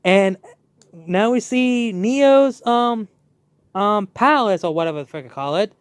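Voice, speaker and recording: A young man talks through a show in an excitable, animated way, stumbling over fillers. His voice sits high and swings widely, his delivery is unhurried, and the recording is dry and close. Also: clear, resonant tone, no echo. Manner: excitable, animated, many fillers and re-enacted quotes. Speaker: channel host reviewing a show. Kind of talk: casual review chat.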